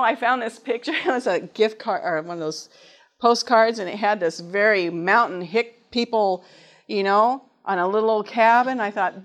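Earnest woman preaching a sermon. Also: on the high side. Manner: earnest, reads scripture aloud, asks the audience questions.

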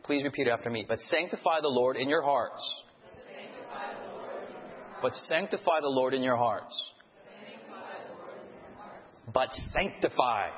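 A man's voice: medium pitch, moderate pace, long pauses. A male pastor leading a sermon, reciting scripture with the congregation and often stumbling and restarting with playful asides. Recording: dull audio with long hall reverb.

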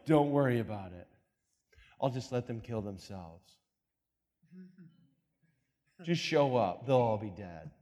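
Calm fatherly God voice, as a preacher puts it on. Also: mid-range voice, takes it slowly, long pauses, voice pushed down. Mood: reassuring.

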